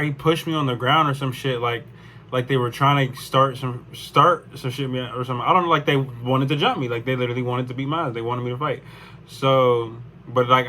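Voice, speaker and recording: Bright-voiced young man rambling a story. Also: medium pitch, a little hiss or hum. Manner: rambling, profane, lots of "like". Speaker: vlogger. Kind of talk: casual storytime.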